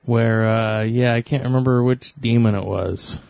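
A man's voice: medium pitch, steady tone, moderate pace, vocal fry, a little mellow, dry recording. A man co-hosting a radio show, laid back, mostly chiming in with short replies in casual chat. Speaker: radio co-host.

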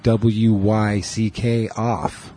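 A man's voice: fairly low pitch, level tone, drawn-out words, mellow, a little hiss or hum. A man co-hosting a casual podcast, rambling and joking, a little stuffy today. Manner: joking, rambling, jumps into mock singing. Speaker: co-host.

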